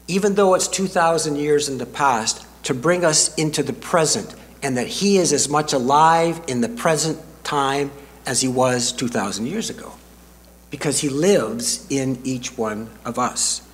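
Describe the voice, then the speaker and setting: An older man preaching a sermon as a pastor, slow and deliberate with dramatic pauses, speaking in a church sanctuary. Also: mid-range voice. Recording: reverberant hall.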